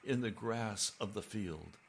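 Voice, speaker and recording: An older man preaching a sermon, his low voice gravelly with fry. He talks slowly and earnestly, pressing hard on the key phrases. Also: a little hiss or hum.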